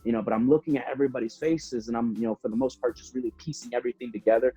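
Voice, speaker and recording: A young man, a professional wrestler telling stories in a casual interview, animated and full of fillers. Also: mid-range voice, rapid-fire, husky, no room sound. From Puerto Rico. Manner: animated, acts out voices, many fillers. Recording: dull slightly lo-fi sound, faint music.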